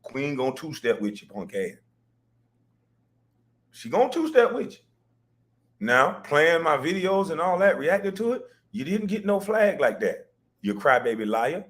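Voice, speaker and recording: A man's voice: fairly high pitch, sing-song, a little slow, pauses often, fairly bright tone. A man hosting a livestream, ranting profanely and mockingly, breaking into laughter. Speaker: livestream host. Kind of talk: profane comedic rant.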